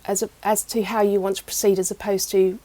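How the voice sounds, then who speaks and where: A middle-aged woman, telling personal stories as an interview guest in a chatty, animated way. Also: mid-range voice, brisk. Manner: chatty, animated retelling with many fillers. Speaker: guest, EFT practitioner. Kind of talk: casual interview storytelling.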